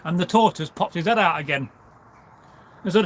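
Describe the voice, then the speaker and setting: A storyteller tells a folk tale casually on a livestream, his voice sitting high at a normal speed with frequent pauses. He rambles, full of asides and "you know" fillers.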